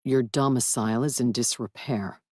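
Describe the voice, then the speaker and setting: A stoic, aloof dragon man, put on by a woman narrator gives orders in formal, clipped sentences. His voice sits low and steady, recorded close and dry with no room sound. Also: moderate pace, dry recording. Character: stoic aloof male dragon in human form, imperious.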